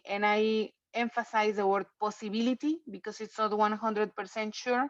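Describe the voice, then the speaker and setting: A woman's voice: a little high, moderate pace, few pauses, no room sound. Chatty woman teaching an online class. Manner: chatty, repeats points, checks in with "okay?". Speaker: English teacher. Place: home. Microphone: computer mic on video call. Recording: dull, lo-fi video call audio.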